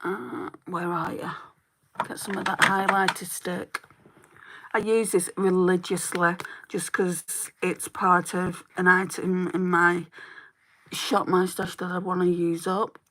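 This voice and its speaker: A Lancashire woman in her forties talks viewers through her makeup on a livestream, reading out their comments and answering them. Her voice sits a little low, sounds bright and slightly hoarse, and she speaks at an unhurried pace. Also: little pitch movement, a little hiss or hum. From Northwest England. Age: 40s. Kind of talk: live makeup tutorial chat.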